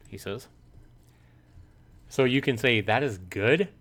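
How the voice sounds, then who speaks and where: Streamer, male, mid-pitched voice, reads game text and riffs to viewers, jumps higher when he acts out reactions. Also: takes it slowly. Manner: animated, voices his own reactions in a higher, louder pitch. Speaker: streamer playing a visual novel. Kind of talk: livestream commentary, reading game text aloud.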